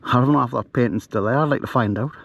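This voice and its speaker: A middle-aged man talks at an ordinary middle pitch, rambling casually with plenty of fillers and restarts. He is recorded on a handheld camera outdoors at night. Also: quick pace, creaky, fairly bright tone, dry recording. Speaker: camper vlogger. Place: outdoors at night in a bivvy bag.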